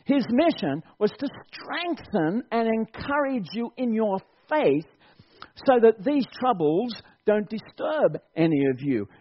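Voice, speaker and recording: A man preaching to his church congregation in a high, lively voice that swoops up and down as he urges them on and laughs along. The sermon recording sounds dull and lo-fi. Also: slow pace. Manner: animated, exhorting, laughs often. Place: church service.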